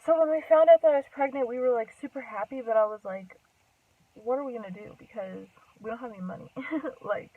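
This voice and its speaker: A woman's voice: on the high side, brisk. A woman of about twenty chats casually to camera, looping back to correct herself and packing every sentence with "like" and "um". Her voice comes through thin and phone-like. It sounds as though she sits a little way back from the microphone. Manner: rambling, full of "like" and "um", self-correcting. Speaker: vlogger. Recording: tinny, phone-like sound from a distance off the mic.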